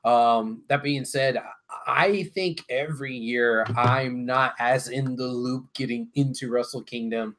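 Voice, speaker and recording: A man's voice: medium pitch, measured pace, a bit bright. A man co-hosting a wrestling podcast in casual chat, easygoing and self-mocking, reading comments from the live chat.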